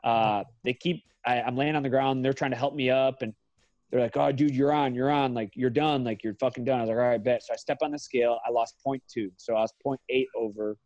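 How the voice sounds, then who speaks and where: A man's voice: mid-range voice, fairly even intonation, brisk, a little mellow, no echo, muffled recording. A man in his thirties, an MMA fighter guesting on a podcast, telling a long story in a loose, profane way and often correcting himself mid-sentence.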